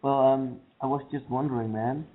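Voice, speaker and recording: A man's voice: medium pitch, steady tone, moderate pace. Male prank caller on a tinny phone.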